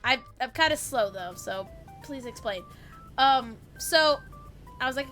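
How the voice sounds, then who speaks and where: A woman with a high, sharp-edged voice chats with her stream while playing. She tells stories in a loose, chatty way, swears freely and laughs easily, then breaks off to answer her chat. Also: lively intonation, measured pace, soft background music. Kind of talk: casual chat while gaming, storytelling to chat.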